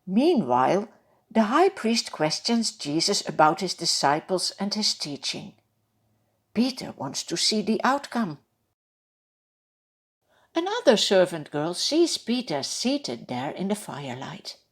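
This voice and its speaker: A woman narrating a Bible story for children, reading slowly and expressively and asking her young listeners direct questions. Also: medium pitch, sing-song, husky.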